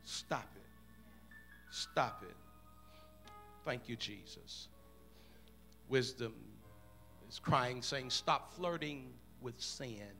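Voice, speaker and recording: A male pastor preaching a sermon in a church, repeating phrases in a chanting rhythm and rising from quiet murmurs to shouts. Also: medium pitch, very slow, long pauses, soft background music. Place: church room.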